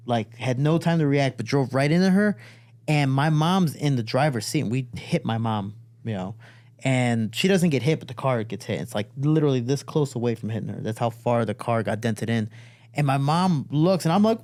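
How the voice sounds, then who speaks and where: A man from Chicago telling a story as a podcast guest, acting out the people in it with sudden high-pitched quotes and plenty of swearing. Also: dry recording. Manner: animated, acts out quoted voices with big jumps up in pitch, swears freely. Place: studio.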